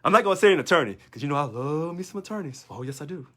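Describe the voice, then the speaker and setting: A man's voice: on the high side, animated, rapid-fire, sharp tone. A man, a union local leader, talking in a sarcastic monologue full of rhetorical questions. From United States. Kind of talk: casual monologue video.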